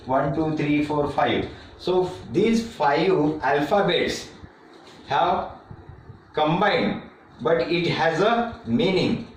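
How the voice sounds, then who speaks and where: A man teaching a classroom lecture on reading methods, talking slowly and repeating himself, with many fillers and restarts. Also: fairly high pitch, recorded from a distance, slight background noise. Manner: slow and repetitive, with frequent fillers and restarts. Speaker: teacher educator. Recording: echoey room, speaker away from the mic.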